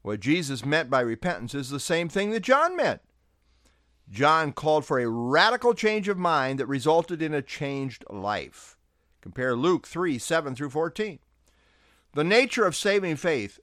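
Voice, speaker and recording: A man's voice: a little high, a bit bright, no room sound, clean studio sound. A man who is a pastor, giving a devotional sermon in an earnest preaching manner with emphatic stresses.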